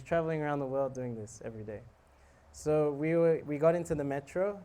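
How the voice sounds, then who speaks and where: A monk preaching who tells a lively story, acting out scenes and laughing. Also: male voice, medium pitch. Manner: animated, laughing, acts out scenes. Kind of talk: storytelling sermon.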